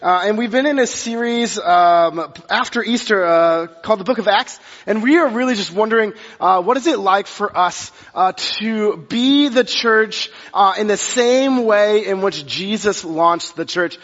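A man's voice: high voice, a little slow, hardly any pauses, a bit bright. A man in his thirties, a pastor, giving a conversational sermon with many fillers and restarts. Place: church sanctuary. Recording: muffled sound with long reverb of a hall.

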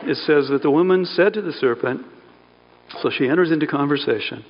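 A man with a slightly high, gravelly voice, preaching a sermon in a relaxed, conversational way, correcting himself mid-sentence and adding asides. His voice rings with long reverb, as in a church hall, and the sound is a little dull. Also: normal speed. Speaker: pastor.

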